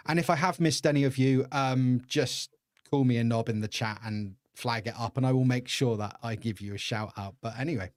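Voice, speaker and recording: A man's voice: mid-range voice, a little fast, no room sound, studio quality. An English man hosting a casual live-stream podcast, chatty and laughing often as he greets viewers. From England. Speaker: podcast host.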